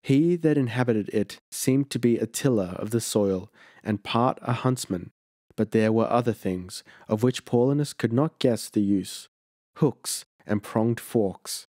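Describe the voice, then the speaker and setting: A man narrating an audiobook story in a measured storytelling manner. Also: mid-range voice, dark tone, no room sound, clean studio sound. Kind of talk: scripted narration.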